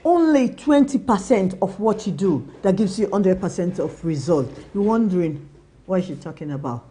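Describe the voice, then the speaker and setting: Young woman host, mellow voice, earnest motivational advice with acted-out dialogue. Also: on the low side, expressive, normal speed. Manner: earnest, repetitive advice, acts out quoted dialogue. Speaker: business talk show host. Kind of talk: motivational business talk.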